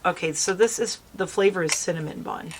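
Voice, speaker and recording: A woman's voice: lowish voice, fairly quick, background noise. A woman chatting casually with her viewers as she does her makeup outdoors in a light breeze. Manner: chatty, bubbly, talks to viewers while doing makeup. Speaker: beauty vlogger. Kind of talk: casual makeup tutorial chat.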